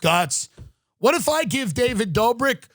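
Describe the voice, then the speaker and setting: Taking his time, a thirty-something podcast host launches into a comedic rant, sarcastic and mock-outraged, with swearing and acted-out quotes. His pitch is extremely high with big swings, the tone fairly bright, and the studio-quality audio has no echo.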